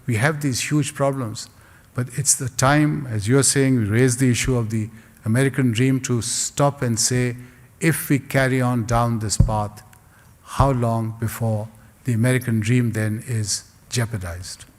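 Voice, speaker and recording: A man giving a public lecture and answering audience questions in a measured, rhetorical way with humorous asides. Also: mid-range voice, fairly even intonation. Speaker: guest speaker. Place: lecture hall. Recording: long hall reverb.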